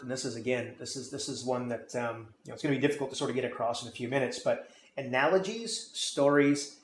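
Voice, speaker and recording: A man teaches selling in an emphatic, coaching manner, often pausing to check that his listener is following. His voice sits at an ordinary middle pitch. The recording is roomy and echoey, with a faint noise underneath. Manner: emphatic, keeps checking in with "okay?" and "right?". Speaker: sales and marketing coach. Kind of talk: instructional talk on selling.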